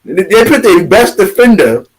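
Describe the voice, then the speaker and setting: A man's voice: sits high, very animated, normal speed, breathy edge, rough recording. A man co-hosting a sports podcast, ranting heatedly, swearing and trash-talking rival fans. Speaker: podcast co-host.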